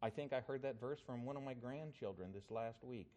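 An older man preaching a sermon, telling a story with swings in emphasis and loudness. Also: medium pitch, brisk.

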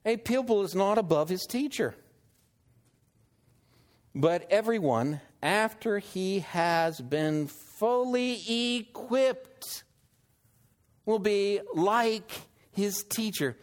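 A man preaching a sermon and reading scripture, unhurried, asking his listeners rhetorical questions. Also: sits high, lively intonation. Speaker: pastor.

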